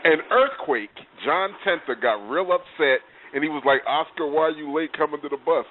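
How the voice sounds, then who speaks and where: A man hosting a radio talk show, telling animated stories with stammering restarts. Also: on the high side, moderate pace. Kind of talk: casual chat and storytelling. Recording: phone-line sound with faint noise.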